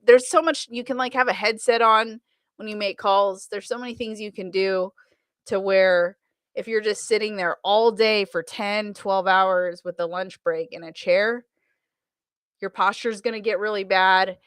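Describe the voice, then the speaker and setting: This mid-range, fairly bright female voice has fairly even intonation and a measured pace, recorded dry and clean in a studio. She's an American automotive sales trainer chatting energetically as an interview guest, often laughing and restarting her sentences.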